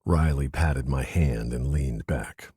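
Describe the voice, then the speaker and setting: A man reading a first-person mystery audiobook in a low, subdued way. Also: slow, warm tone, slightly rough, dry recording, studio quality. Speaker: audiobook narrator. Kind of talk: scripted first-person narration.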